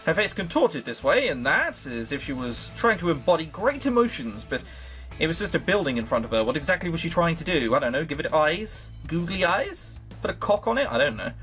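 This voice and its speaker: Animated man joking through a game. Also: fairly high pitch, a little fast, faint music behind. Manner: sarcastic, swears casually, jokes to himself. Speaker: let's play host. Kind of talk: reading a visual novel aloud with joking commentary.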